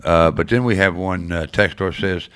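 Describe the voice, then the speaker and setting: A man's voice: sits low, moderate pace, a bit bright, clear, resonant tone, dry recording, clean studio sound. A man in his sixties hosting a morning radio show, talking in a folksy, rambling way with lots of uhs. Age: 60s or older. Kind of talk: casual morning radio chat. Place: radio studio.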